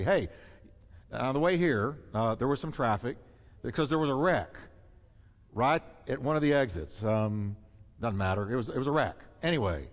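A man preaching a sermon with emphatic delivery, rising to loud high peaks and dropping to hushed asides. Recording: long reverb of a large hall.

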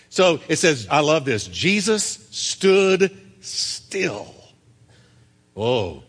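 A man preaching a sermon, animated, swinging between loud calls and hushed, quiet passages. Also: sits high, husky, in a large hall.

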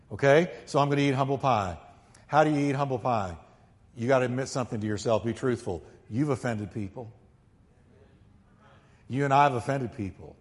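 A male pastor preaching a sermon emphatically, swinging from quiet, low asides to loud, ringing peaks and calling on the congregation to repeat after him. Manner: calls on the congregation to repeat lines. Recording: long hall reverb.

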